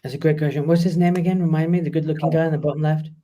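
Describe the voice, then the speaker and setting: A middle-aged man talking as a guest doctor in a casual interview, animated and emphatic, swearing freely. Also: fairly high pitch, racing.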